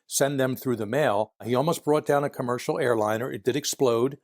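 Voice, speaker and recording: In a clean studio with no room sound, a Philadelphia-accented man in his sixties, a retired FBI agent, tells stories as an interview guest. His mid-range voice moves a little fast, and he keeps chuckling and acting out what others said, all in a chatty way.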